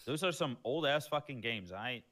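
Blunt, swearing man with a bright voice. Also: mid-range voice, animated, moderate pace. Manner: crude, blunt, swearing, laid-back. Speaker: roleplay player. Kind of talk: in-character game roleplay banter.

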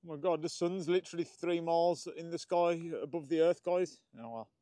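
A man's voice: on the high side, flat delivery, brisk, noisy background. Chatty man livestreaming outdoors. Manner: chatty, greets viewers by name. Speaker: livestream host. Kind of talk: casual livestream chat. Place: outdoors in sunshine.

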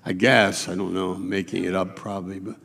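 A man's voice: low-pitched, flat delivery, a little fast, vocal fry, fairly bright tone, big-room sound. A man preaching a sermon as pastor, with emphatic, repetitive preaching in a church sanctuary.

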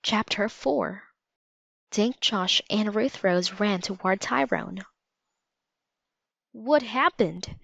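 A woman narrating a children's storybook aloud in a calm, measured way. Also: medium pitch, vocal fry, dry recording. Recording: slightly dull lo-fi recording.

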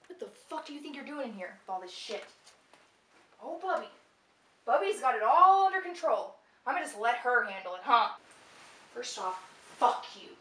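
An actress playing a domineering woman who swears and shouts orders. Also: on the high side. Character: foul-mouthed bossy woman barking orders. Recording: roomy sound from a distance, faint noise.

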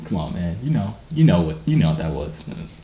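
A man's voice: low-pitched, fast, lo-fi sound. Joking young man on a noisy video call.

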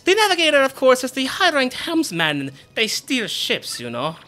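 A man's voice: very high voice, huge pitch swings, moderate pace, bright, forceful tone, pitched above the performer's own voice, heavily acted. A man voicing a pompous, boastful rich male sailor-merchant in a video game, grandiose and theatrical. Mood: bossy. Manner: grandiose, theatrical, self-admiring. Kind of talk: reading game dialogue aloud.

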